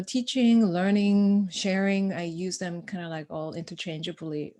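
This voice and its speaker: A woman guest on a podcast, an educator, telling stories in conversation in an animated way, acting out dialogue and laughing often. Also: on the low side. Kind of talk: conversational storytelling.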